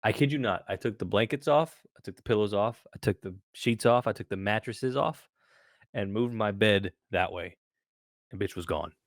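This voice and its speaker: A young man co-hosting a podcast, telling animated stories in casual chat and swearing often. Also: on the low side, normal speed, no room sound, clean studio sound. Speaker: podcast co-host.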